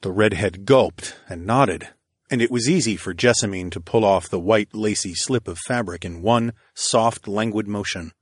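A man narrating an erotic audiobook in the first person, in a slow, intimate, steady storytelling manner. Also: lowish voice, breathy edge, no echo, clean studio sound.

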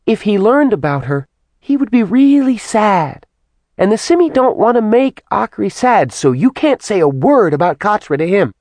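Cheeky sing-song demon girl, a man putting it on, squeaky high and bouncy, storybook reading. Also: very animated, moderate pace, darkish tone, dry recording. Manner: sing-songy, broken childlike grammar.

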